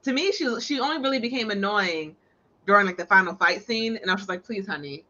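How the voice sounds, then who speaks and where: A woman co-hosting a casual movie discussion, thoughtful and quick to concede a point. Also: medium pitch, bright, forceful tone, highs cut off.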